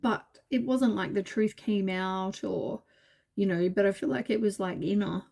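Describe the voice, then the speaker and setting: A woman's voice: mid-range voice, moderate pace, creaky, a little mellow. A woman giving a casual tarot reading, tired and yawning, talking in a meandering way full of fillers and reassurances. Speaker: tarot reader.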